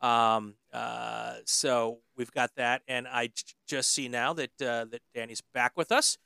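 A man's voice: mid-range voice, fairly even intonation, unhurried, creaky, sharp tone, faint music behind. A man hosting an interview podcast in casual chat, talking with frequent ums and uhs. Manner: hesitant, lots of ums and uhs. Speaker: podcast host.

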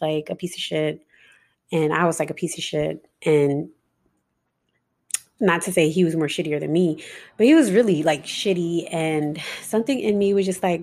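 A young podcast host with a lowish, slightly mellow voice talks through a casual spiritual monologue. She meanders, leaning on "like" and "um," and swears now and then.

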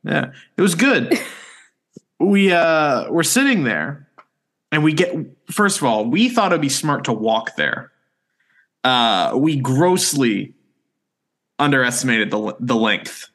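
In a mid-range, fairly bright and expressive voice, a male podcast co-host slowly unwinds a long, self-deprecating story. The casual storytelling chat wanders freely, and he laughs often.

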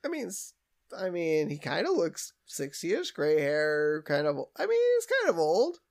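A man co-hosting a podcast in casual chat, answering with short reactions and quick jokes and laughing often. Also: on the high side, wildly swooping pitch, creaky. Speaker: podcast co-host.

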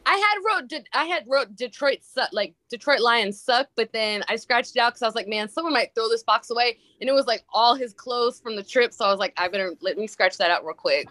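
A woman's voice: on the high side, lively intonation, brisk, hardly any pauses, bright, forceful tone, no echo. A woman in casual chat, telling a story with a teasing, laughing manner.

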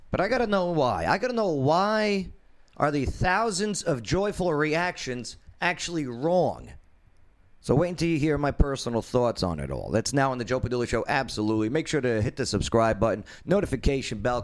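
Lively rambling male talk show host. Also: mid-range voice. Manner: rambling storyteller with many fillers, lively intonation. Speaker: podcast host. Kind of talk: casual talk show chat.

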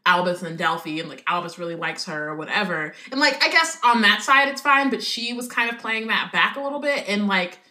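A woman's voice: medium pitch, expressive, a little fast, hardly any pauses, sharp tone. A woman co-hosting a podcast in casual chat, talky, saying "like" a lot, with casual swearing. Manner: chatty, says "like" often, swears casually. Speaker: podcast co-host. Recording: roomy echo.

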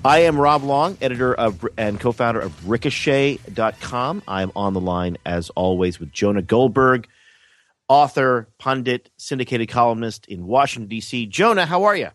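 A man's voice: mid-range voice, lively intonation, moderate pace, fairly bright tone, no room sound, faint music behind. A man hosting a podcast in casual chat, with wry, self-mocking banter. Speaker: podcast host.

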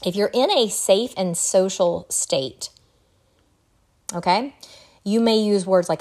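A middle-aged woman hosting a solo podcast, talking in an earnest, reflective way with an occasional soft laugh. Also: mid-range voice, slow pace, pauses often. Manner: earnest, reflective, laughs softly now and then. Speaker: podcast host. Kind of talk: solo podcast talk on wellbeing.

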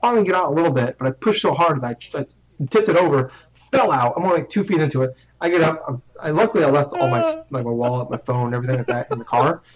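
A man's voice: fairly high pitch, animated, fast. A young man tells a long story in loose, casual chat, cursing freely and poking fun at himself. His sentences trip and restart as he goes. The recording sounds slightly dull and lo-fi. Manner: rambling, profane, self-mocking, restarts often.

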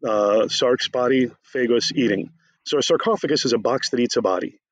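A man discussing his book in an animated conversation, talking fast and excitedly with many asides. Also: medium pitch, slight background noise.

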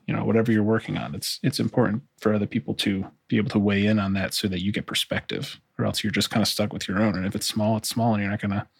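Male producer, lowish voice, casual and rambling, dry close sound. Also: fast talker, creaky, hardly any pauses, husky, no room sound. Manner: relaxed, rambling, many restarts and fillers. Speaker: music producer. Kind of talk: casual interview talk.

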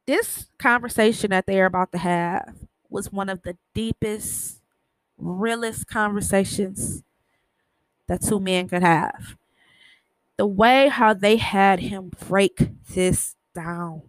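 A woman's voice: mid-range voice, measured pace, fairly bright tone, no room sound. A woman hosting a podcast, chatting casually through a TV episode recap and retelling scenes in her own words. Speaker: podcast host.

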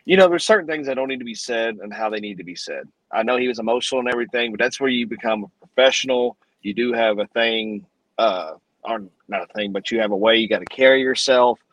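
A man co-hosting a casual sports podcast, speaking in a measured way and holding back harsher words. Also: medium pitch, no echo, low-quality recording. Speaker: podcast co-host.

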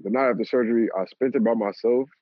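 Young guy telling a story loose and lively, kinda husky, tinny phone-line sound. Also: mid-range voice, fast talker, dry recording. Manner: animated, laughs at himself, swears casually. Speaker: guest telling a personal story. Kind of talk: casual storytelling. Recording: lo-fi phone-like audio.

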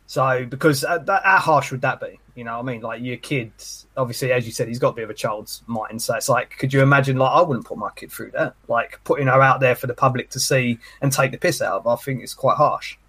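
A man's voice: medium pitch, brisk, a bit bright. A young man, co-hosting a podcast with cheeky, provocative casual chat. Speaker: podcast co-host.

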